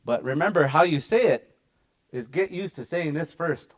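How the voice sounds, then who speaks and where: Man teaching words with slow repetition. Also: fairly high pitch, expressive. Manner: repeats words slowly for practice, chatty asides. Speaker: language teacher. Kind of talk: casual language lesson.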